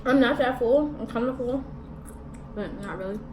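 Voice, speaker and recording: A woman's voice: fairly high pitch, moderate pace, a little mellow. A woman vlogging a mukbang, chatting casually in slang while eating and talking with her mouth full. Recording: echoey room from a distance with background noise.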